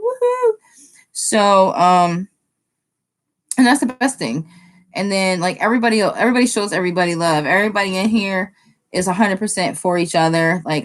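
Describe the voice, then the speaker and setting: A chatty woman hosting a casual live stream, talking straight to viewers in the chat and often jumping up in pitch when excited.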